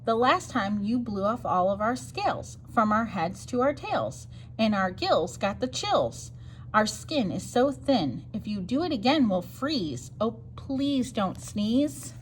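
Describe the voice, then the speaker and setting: A woman's voice: mid-range voice, big pitch swings, measured pace, slight background noise, poor audio. A woman voicing a group of worried fish in a storybook, pleading. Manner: pleading, fretful.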